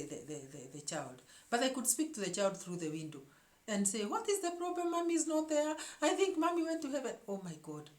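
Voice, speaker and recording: A woman hosting her own show, telling a story to her viewers in an emphatic way and often repeating words as she searches for the next one. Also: lowish voice. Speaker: show host. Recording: echoey room.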